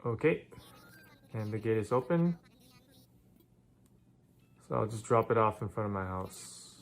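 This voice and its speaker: A man's voice: fairly low pitch, animated, measured pace, a little hiss or hum. A man playing a laid-back young guy who teases his friend over a call in a short comedy film. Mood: casual. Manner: casual, teasing.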